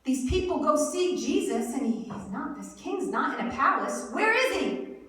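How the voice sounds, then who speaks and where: A woman preaching an Easter sermon, telling the story in an animated way and acting out the lines of the people in it. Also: sits high, normal speed. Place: church hall. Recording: echoey hall, mic at a distance.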